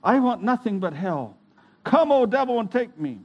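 A man voicing a dying man who raves in despair and torment, crying out loudly in anguish. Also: extremely high pitch, very animated, measured pace, dull audio, full character voice.

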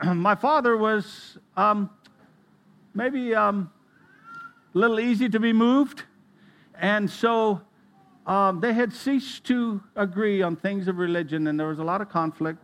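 A middle-aged man preaching in an earnest, storytelling way, his voice sitting a little higher than most men's. He often pauses to clear his throat as he speaks. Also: a bit bright. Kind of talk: sermon.

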